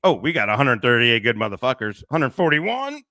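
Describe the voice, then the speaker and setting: Lively, profane middle-aged streamer. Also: male voice, mid-range voice, brisk, no room sound, studio quality. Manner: profane, rambling, laughs often. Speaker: livestream host. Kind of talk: casual livestream commentary.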